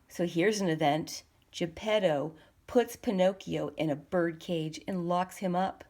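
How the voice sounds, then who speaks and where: A woman's voice: on the low side, slow pace, a little mellow. A woman reading a picture book aloud to children, engaging and asking the listener questions.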